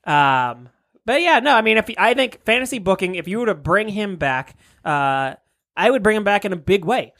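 A man's voice: sits high, animated, moderate pace, fairly bright tone. A man hosting a casual podcast, rambling about comics with frequent laughs and swearing. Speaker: podcast host.

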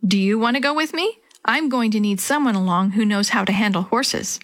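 A woman's voice: mid-range voice, fairly quick, lightly acted. A woman voicing a determined young girl detective in a children's story, earnest and eager.

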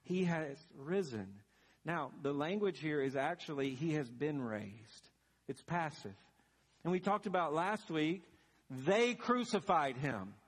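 A man's voice: on the high side, lively intonation, unhurried, breathy edge. A man preaching a sermon as pastor, telling the story dramatically and building to emphatic peaks. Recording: long reverb of a large hall.

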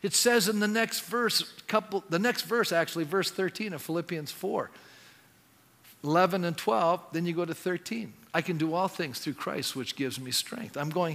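High bright-voiced pastor preaching. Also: male voice, moderate pace, creaky, long reverb tail. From Canada. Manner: conversational preaching, asks the crowd questions. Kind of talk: sermon.

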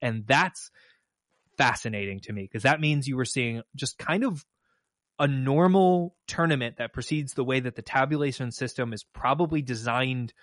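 A man's voice: mid-range voice, normal speed, fairly bright tone, no room sound. A man co-hosting a podcast, talking through results in an analytical, emphatic and slightly wry way. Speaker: podcast co-host and mock trial coach. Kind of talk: casual podcast chat.

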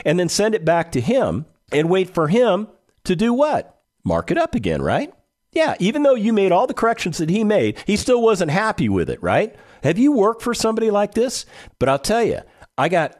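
A radio talk show host with a fairly high, slightly mellow voice speaks bluntly and emphatically. He keeps it conversational and puts questions straight to his listeners.

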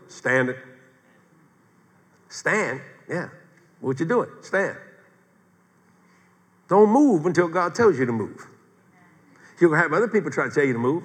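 An older man, a pastor, preaching a sermon in a folksy, animated way, with humor and acted-out quotes, recorded in a church sanctuary. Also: fairly high pitch, big-room sound.

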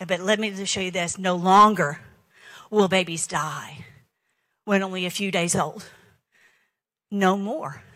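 Fast-talking woman preaching. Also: a little high, fairly bright tone, poor audio. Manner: fast, emphatic, scripture-quoting preacher. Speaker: end-times preacher. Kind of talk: sermon with scripture reading.

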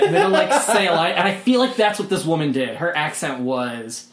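Wry, fairly high-voiced man in an echoey room. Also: big pitch swings, brisk, a bit bright. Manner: wry, tangent-prone, laughing asides. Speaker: podcast co-host. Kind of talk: casual chat. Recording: roomy echo.

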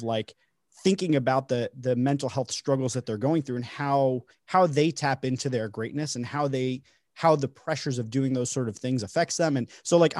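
A man hosting a podcast, speaking with eager excitement and many fillers in casual conversation. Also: mid-range voice, dry recording, clean studio sound. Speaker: podcast host.

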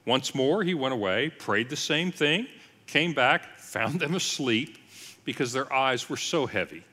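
Male pastor, sermon-style teaching, lively storytelling with asides, bright tone, long hall reverb. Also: medium pitch, unhurried.

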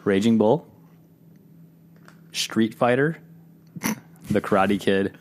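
A man's voice: fairly low pitch, slow pace, slight background noise. A man reading out movie trivia cards in casual chat, teasing the others. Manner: teasing, reads trivia cards with mock disbelief.

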